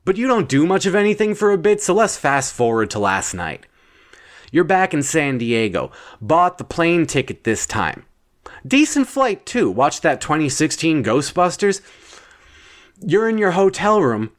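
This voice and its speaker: A man telling an absurd second-person bedtime story in a deadpan, wandering way. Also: a little high. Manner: slow, deadpan, wandering delivery.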